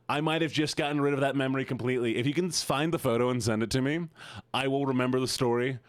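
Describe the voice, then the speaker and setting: A man streaming live, chatting casually with his viewers and telling animated stories. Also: medium pitch, fast, no echo. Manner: animated storyteller, talks to chat.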